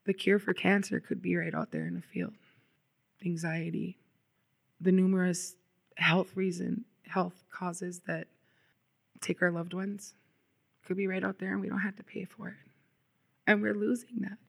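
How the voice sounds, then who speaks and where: A woman's voice: fairly low pitch, a little slow, gravelly, pauses often. A woman from Minnesota, giving an earnest, impassioned public speech as a climate justice organizer, with the odd filler.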